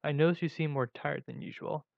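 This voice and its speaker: A man voicing a mild, concerned middle-aged father who asks gentle questions. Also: a little high, steady tone, a little fast, creaky, no room sound. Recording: dull lo-fi recording.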